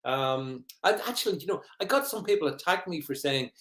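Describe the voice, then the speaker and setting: A man's voice: on the high side, expressive, brisk, a bit bright, echoey room. A man hosting a livestream, giving rambling, mocking commentary and greeting viewers. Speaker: livestream host. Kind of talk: sarcastic live commentary.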